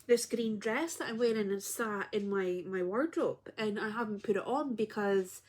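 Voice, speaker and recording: A woman's voice: medium pitch, moderate pace, hardly any pauses. A woman who works as a spiritual healer tells a personal story in a heartfelt, reflective way on her vlog.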